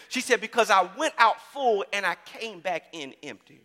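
A man preaching a sermon in a church, calling out to the congregation and repeating phrases as he builds to shouts. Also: sits high, brisk, few pauses, big-room sound. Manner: call-and-response preaching, repeats words, rising to shouts. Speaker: pastor.

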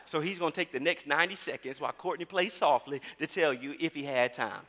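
A middle-aged man pastor preaching a sermon, swinging from easy conversational storytelling to shouted preaching. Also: a little high, fast, long reverb tail. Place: church sanctuary.

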